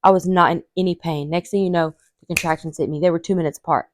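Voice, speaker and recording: A woman, a podcast host telling a story casually and animatedly, acting out quotes in a high voice. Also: steady tone, quick pace, a little hiss or hum.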